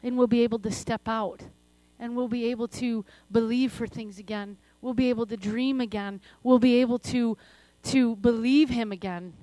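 Middle-aged woman preacher, high voice, dry close sound; passionate, laughs often, soft then loud. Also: fairly even intonation, normal speed, few pauses, dry recording. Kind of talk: sermon with prayer.

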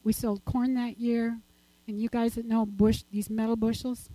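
A woman's voice: on the high side, flat delivery, normal speed, mellow, no room sound, rough recording. An older woman giving a chatty, rambling church talk and personal testimony, laughing often as she goes.

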